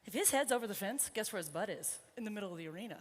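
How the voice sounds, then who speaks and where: A woman's voice: mid-range voice, lively intonation, very fast, big-room sound. A woman horse trainer on a body mic, chatting to her colt and the crowd while riding, a bit out of breath. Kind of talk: live clinic demonstration while riding. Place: indoor arena at a horse expo. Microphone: wireless body mic.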